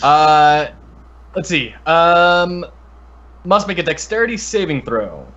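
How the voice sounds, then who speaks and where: A man playing a tabletop game, eager and quick in bursts of rules talk. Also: fairly high pitch, animated, fairly bright tone. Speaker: player. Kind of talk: casual tabletop game play. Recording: dull lo-fi mic.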